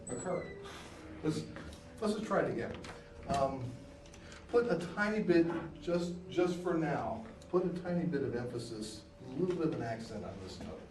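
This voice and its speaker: A man coaching a band in rehearsal, singing rhythms in scat syllables as he explains, patiently repeating and restarting his phrases. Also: medium pitch. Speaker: band instructor. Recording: echoey room from far off, noisy.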